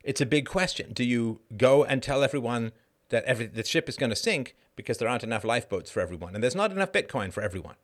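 A man's voice: mid-range voice, fast talker, hardly any pauses. A man hosting a livestream, talking casually and acting out the people in his stories. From Canada. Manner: animated storytelling, acts out quoted people. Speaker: livestream host. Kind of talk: casual monologue.

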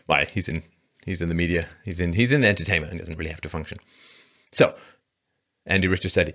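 A man with a somewhat low voice delivers political commentary in a sarcastic, mocking tone. He talks dryly, often with a sigh or a scoff. His remarks come across as flat and knowing. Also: a little fast, long pauses.

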